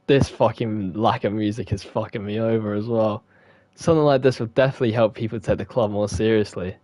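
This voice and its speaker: A man's voice: medium pitch, a little fast, a little mellow, no echo. A young man reads a visual novel aloud and swears freely between lines. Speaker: gaming streamer.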